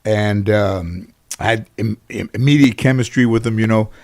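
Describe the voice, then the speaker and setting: A man's voice: fairly low pitch, normal speed, darkish tone. Rambling middle-aged man telling stories. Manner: rambling, anecdotal, lots of fillers and restarts. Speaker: interview guest, comedian and actor. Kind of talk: casual storytelling in an interview.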